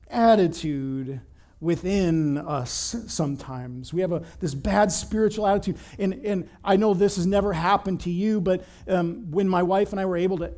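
A man as pastor, giving a conversational sermon with animated storytelling, often repeating words as he starts a sentence. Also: high voice.

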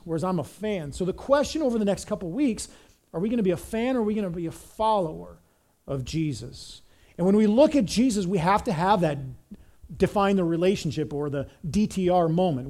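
High-voiced pastor preaching conversationally. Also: male voice, darkish tone. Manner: conversational, asks the audience rhetorical questions. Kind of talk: sermon.

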